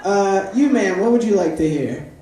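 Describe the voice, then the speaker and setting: A man doing a deadpan, self-deprecating stand-up set at a live open mic, bantering with the crowd. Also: high voice, moderate pace, background noise. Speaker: stand-up comedian. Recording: echoey live room from far off. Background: audience laughter.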